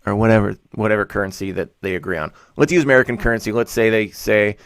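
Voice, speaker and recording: Low-voiced man explaining things dryly. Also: fast talker, few pauses, a bit bright, clean tone, no room sound. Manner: rambling, self-correcting, sarcastic asides. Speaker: vlogger. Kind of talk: casual explanatory monologue.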